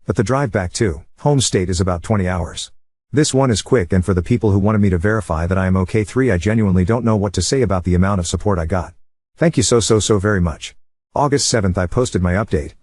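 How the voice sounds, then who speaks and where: A man narrating an online post as scripted narration, with a brisk, even reading. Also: lowish voice, no echo. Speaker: story narrator.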